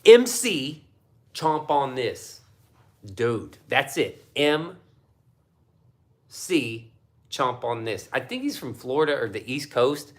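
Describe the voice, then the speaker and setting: A man talks on a casual livestream, reading out chat and ranting with plenty of swearing. His pitch jumps around a lot, from low grumbles to loud high outbursts. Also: slow, long pauses. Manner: profane, animated ranting; reads out viewer chat. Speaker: livestream host.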